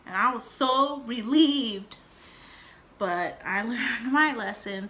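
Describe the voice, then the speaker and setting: Chatty young woman, bright voice. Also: fairly high pitch, slow pace, a little hiss or hum. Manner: chatty, rambling, lots of fillers and acted-out quotes. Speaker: vlogger. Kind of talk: casual storytelling vlog.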